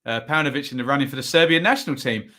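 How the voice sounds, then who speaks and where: Bright-voiced man hosting a football watchalong. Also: medium pitch, very fast. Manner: chatty, rambling commentary full of asides and tag questions. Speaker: watchalong host. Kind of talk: live football watchalong commentary.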